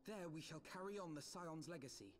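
An actor voicing an earnest young male scholar and leader in a video game, speaking in a formal, measured way. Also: fairly high pitch, lively intonation, music in the background, lightly acted.

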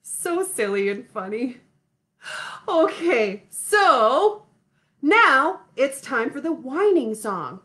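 Slow, high-voiced woman singing with kids. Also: very animated. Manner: gentle, affectionate, talks slowly to small children. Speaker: children's music host. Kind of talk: livestreamed sing-along for young children. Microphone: laptop computer mic.

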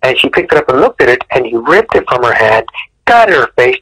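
A man telling stories from his film career in a casual interview, animated, often repeating words and clearing his throat. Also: fast talker, dry recording, low-quality recording. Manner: animated storyteller, acts out quotes with sudden high bursts. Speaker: martial arts director and choreographer, guest.

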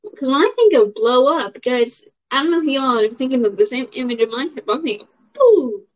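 A young adult woman vlogs casually, answering question prompts frankly and rambling with plenty of fillers. She talks fast in a high-pitched voice, and the lo-fi audio sounds dull.

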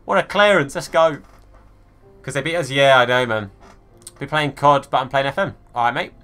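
A young man streaming a football game live, shouting at the match and chatting casually with his viewers. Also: medium pitch, normal speed, soft background music. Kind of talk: live gameplay commentary.

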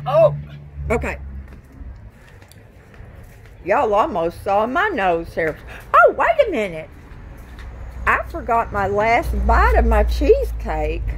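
Lady rambling to her phone in the yard, slow talker, voice bounces all over, lil bit of outside noise. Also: mid-range voice, fairly bright tone. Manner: chatty, scattered, talks to plants and viewers. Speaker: gardening vlogger. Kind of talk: casual chat to camera while gardening. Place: outdoors in a garden.

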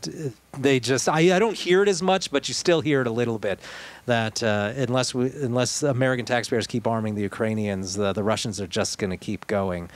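A man co-hosting a podcast, talking through politics in a conversational, digressive way with wry asides. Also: mid-range voice. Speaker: podcast co-host. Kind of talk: casual political discussion.

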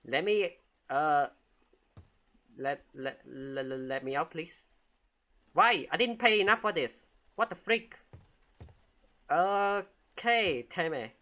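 A man's voice: fairly high pitch, pushed and bright. A man giving jokey, casual commentary while playing a game and talking back to it with frequent exclamations. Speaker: gamer.

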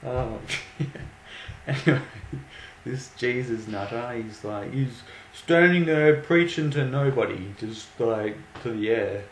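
A man's voice: mid-range voice, lively intonation, slow. A young man casually telling a story, amused and mocking, often breaking into laughter. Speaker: vlogger. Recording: echoey room with faint background noise.

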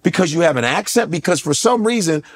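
High, lively comedian telling stories. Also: male voice, fast talker. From United States. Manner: profane, loud, jumps into impressions. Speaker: comedian guest. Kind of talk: animated comedic storytelling. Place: podcast studio.

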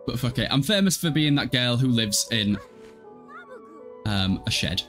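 A man's voice: mid-range voice, lively intonation, a little slow, fairly bright tone, faint music behind. A man in his twenties casually commentating a life-sim game live, chatty, swearing freely and answering chat. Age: 20s. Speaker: game streamer.

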